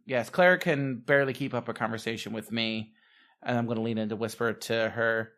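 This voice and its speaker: A man playing a tabletop game, reacting in an animated way and speaking as his character. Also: medium pitch, fairly quick. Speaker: player. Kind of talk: tabletop role-play chat.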